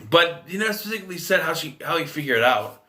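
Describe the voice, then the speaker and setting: A man's voice: on the high side, lively intonation, fast, bright, forceful tone, slight background noise. A man giving a casual spoken film review, rambling and repeating himself.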